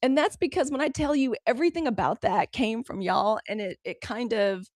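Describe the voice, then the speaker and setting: An American woman on a live stream, chatting to her viewers and calling them y'all as she feels her way through the app settings. Her voice sits a little high, and the sound is close and dry, with no room around it. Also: a little fast, no echo. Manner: chatty, fumbling aloud with app controls, addressing viewers as y'all. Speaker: livestream news host.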